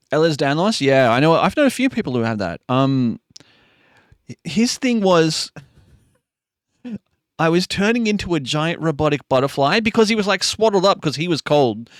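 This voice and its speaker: A sleepy man with a Queensland Australian accent chats loosely with his viewers, laughing often and swearing freely. His pitch swings around a lot as he talks. The sound is close and dry, with no room echo. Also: big pitch swings, moderate pace, pauses often. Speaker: livestream host. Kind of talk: casual chat reading viewer messages.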